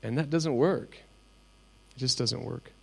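A man's voice: medium pitch, creaky, a little mellow, breathy edge. Earnest middle-aged man preaching. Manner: earnest, personal storytelling with pauses. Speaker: pastor. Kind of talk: sermon.

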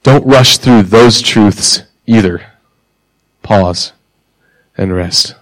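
A man's voice: lowish voice, dry recording, rough recording. Dry-sounding male pastor preaching. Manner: conversational preaching with rhetorical questions and pauses. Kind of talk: sermon.

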